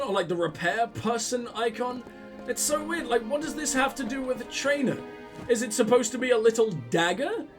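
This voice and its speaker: A high-voiced man riffing through a let's play, sarcastic and swearing freely as he mocks the characters he meets. His commentary is loose and animated. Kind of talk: casual gameplay commentary.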